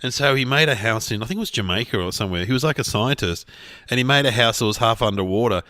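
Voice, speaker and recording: A middle-aged man with a bright, forward voice co-hosts a podcast. He tells stories in a chatty way, laughing often, and his pitch is lively and animated. The sound is dry and close. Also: fast talker, no room sound. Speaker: podcast co-host. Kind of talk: casual comedic chat.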